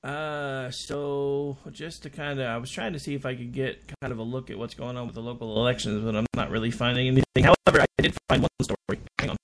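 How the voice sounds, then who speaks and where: A man's voice: mid-range voice, little pitch movement, brisk, hardly any pauses. A man from Oklahoma hosting a casual chat, reading a news story aloud and chuckling as he goes. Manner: chuckles while reading, amused. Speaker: host.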